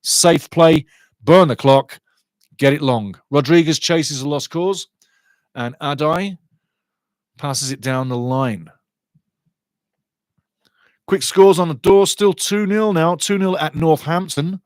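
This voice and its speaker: A man's voice: on the high side, slow, pauses often, a little mellow, dry recording. A man hosting a live football watch-along, giving chatty fan commentary and reading out viewer comments.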